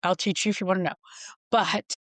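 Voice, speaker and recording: Speaking as a podcast guest, a middle-aged woman tells frank, wry stories, imitating the voices of the people involved in a candid conversation. Her mid-range, slightly bright voice holds a steady tone at a moderate pace, recorded dry.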